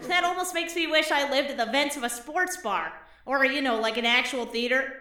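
A woman's voice: sits high, brisk, bright, forceful tone, far from the mic. A woman playing a quirky comedian who lives in the vents, rambling through a stand-up set with giggles. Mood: amused. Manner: rambling, giggly, puts on voices in anecdotes. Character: quirky vent-dwelling comedian, chatty and odd. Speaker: stand-up comic and co-host. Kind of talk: audio drama stand-up monologue. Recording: roomy, from off-mic.

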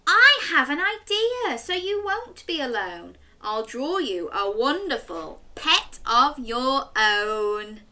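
A woman voicing a brave little girl in a children's story, high and pleading. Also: big pitch swings, slow pace, hardly any pauses, pushed and bright, exaggerated voice. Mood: kind.

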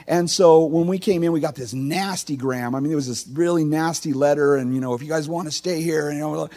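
Talking fairly quickly in a dark-toned voice on the high side, a middle-aged teaching pastor delivers a chatty sermon, questioning his listeners and recounting personal stories in an informal manner.

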